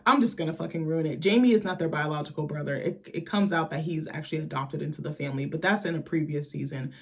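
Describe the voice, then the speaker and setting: A woman's voice: fairly low pitch, fairly quick. A young woman casually recapping a TV episode late at night, tired but chatty and profane, acting out the characters' lines as she retells scenes. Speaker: TV recap host.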